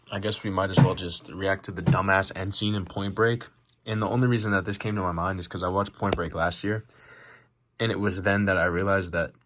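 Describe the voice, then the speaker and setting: A man's voice: deep voice, a bit bright, a little hiss or hum. A man giving casual, rambling commentary on a movie, swearing and joking as he goes. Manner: rambling, profane, joking asides. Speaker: movie reaction host.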